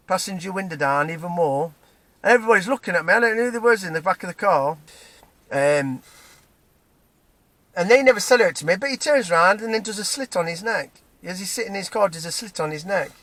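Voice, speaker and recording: A man's voice: a little high, brisk, bright, forceful tone, no room sound. A man with an English accent telling an angry personal story in a rambling monologue, often repeating himself. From England. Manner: agitated, repetitive, restarts often. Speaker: vlogger.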